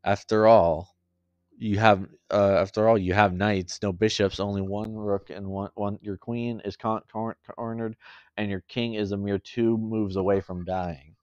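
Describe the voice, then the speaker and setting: A man's voice: lowish voice, level tone, unhurried, a little mellow, clear, resonant tone, no room sound, highs cut off, close to an everyday voice. A man reading as a smug scheming goddess. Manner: stumbling restarts. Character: proud scheming goddess, female, cool and smug.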